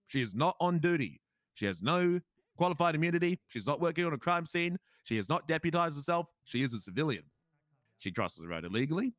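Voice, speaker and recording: A man's voice: on the high side, very animated, fairly quick, fairly bright tone, dry recording. A man with an Australian accent playing a police officer in a role-play game, telling his story in an indignant, emphatic way.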